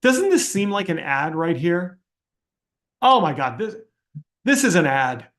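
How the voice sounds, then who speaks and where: Blunt, slightly high-voiced man answering questions. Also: big pitch swings, a little slow, a bit bright. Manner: blunt, candid and skeptical, thinks aloud with restarts. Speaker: host answering audience questions. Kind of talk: casual Q&A livestream talk.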